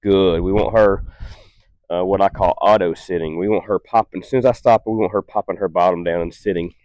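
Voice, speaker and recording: A calm, patient man training a dog, with a fairly low voice. His explanations stay steady and unhurried, broken up by short, stern commands. The sound is dry and close. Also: dry recording. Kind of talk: instructional demonstration.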